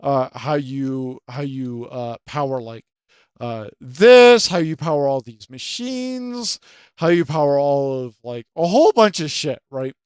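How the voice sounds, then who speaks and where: A man's voice: mid-range voice, expressive, unhurried, a little mellow, clear, resonant tone, no room sound, clean studio sound. A man hosting his own channel, ranting about a video game in a profane, rambling way full of filler words, trying to keep his voice down late at night. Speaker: channel host.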